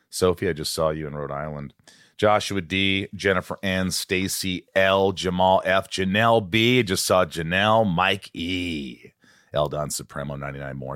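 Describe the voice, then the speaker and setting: Deep-voiced man hosting a podcast. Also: fairly bright tone, smooth, dry recording, studio quality. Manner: playful, joking, reads names quickly. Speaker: podcast host. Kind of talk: casual chat.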